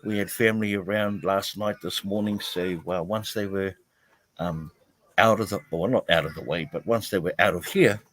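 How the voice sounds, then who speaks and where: A man's voice: mid-range voice, no room sound, rough recording. A man hosts a live stream from outdoors behind his house, chatting casually with many fillers and greeting viewers by name.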